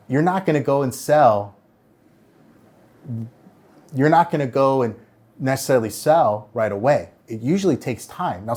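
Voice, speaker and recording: A man answers interview questions as a real estate broker. He speaks earnestly at a middle pitch. When he tells a story he acts out the other people's lines. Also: darkish tone.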